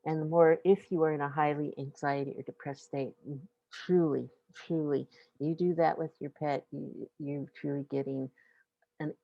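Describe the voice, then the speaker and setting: A woman's voice: low voice, fairly even intonation, normal speed, vocal fry, no room sound, lo-fi sound. A middle-aged woman hosting a webinar on pets and emotions, talking casually and often laughing as she acts out what owners and pets might say. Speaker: webinar host on pet emotions. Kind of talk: informal webinar talk.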